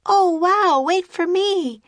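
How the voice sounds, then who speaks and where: Woman doing a bubbly, excited young girl. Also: high voice, unhurried, creaky, breathy edge, no room sound, clean studio sound, voice pushed up, exaggerated voice. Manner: bubbly, exclaiming.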